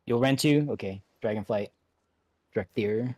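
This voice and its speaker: A man leading an online game raid, giving relaxed instructions with many fillers and restarts. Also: medium pitch, normal speed. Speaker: raid leader. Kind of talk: casual instructions over voice chat.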